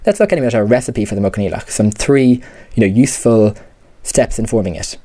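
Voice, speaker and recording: A man gives a step-by-step grammar lesson, patient and repetitive, dropping "you know" and "okay" as he goes. His voice is low-pitched and mellow. The recording is dry and close, with no room sound. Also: fast, no room sound. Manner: patient, repeats key terms, many fillers like "you know" and "okay". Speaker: language teacher. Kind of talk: explanatory lesson.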